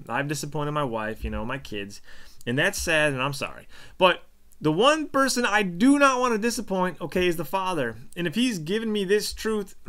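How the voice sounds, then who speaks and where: A man's voice: high-pitched, a bit bright. A man, probably in his thirties, talking casually and earnestly to camera about his faith, rambling with many fillers and questions to himself. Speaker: video blogger on faith. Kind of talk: casual personal monologue.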